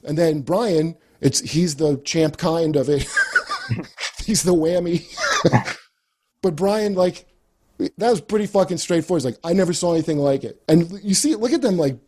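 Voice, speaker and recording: A man's voice: a little high, measured pace, a little mellow. A man talking casually on a podcast, rambling and swearing as he laughs at his own jokes. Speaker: comedian guest.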